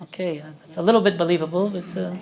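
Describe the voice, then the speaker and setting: A man's voice: sits high, fairly even intonation, fast, gravelly, noisy background. A man preaching a sermon as a priest, quizzing his congregation and pressing his points with emphasis.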